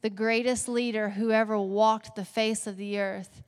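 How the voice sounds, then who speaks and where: A woman with a Texas accent preaching a sermon as a pastor, animated and playful with asides. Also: medium pitch, a little slow, clean tone. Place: church auditorium. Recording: long hall reverb.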